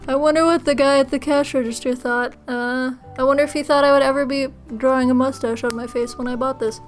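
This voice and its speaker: A woman's voice: high-pitched, steady tone, fast, hardly any pauses, faint music behind. A woman chatting casually in a Q&A vlog, giggly, self-mocking and rambling as she answers viewer questions.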